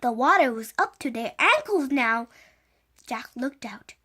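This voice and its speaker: A woman reading a children's chapter book aloud, halting now and then with slips and restarts. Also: sits high, expressive, pushed and bright. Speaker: reader.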